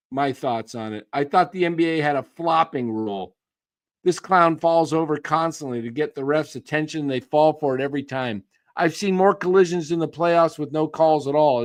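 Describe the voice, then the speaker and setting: Brief: scornful male sports ranter, slightly high voice, unhurried delivery. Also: fairly bright tone. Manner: scornful, ranting, mocking. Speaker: sports commentator ranting to his viewers. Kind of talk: casual sports rant.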